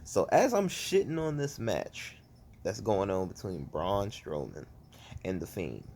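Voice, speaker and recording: A man giving a casual, ranting review as a vlogger, animated and profane, full of exasperated outbursts. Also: lowish voice. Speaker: wrestling fan vlogger.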